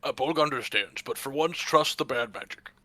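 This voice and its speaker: Man doing a blunt brute warrior, talks about himself by name, bright forceful tone, dry sound. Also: mid-range voice, normal speed, dry recording. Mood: persuading. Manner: speaks of himself in the third person, blunt.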